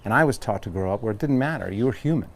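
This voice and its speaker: Racing and expressive, a fairly low-voiced American man from Long Island, New York, teaches yoga. His earnest, casual talk rambles and keeps restarting as he guides the class.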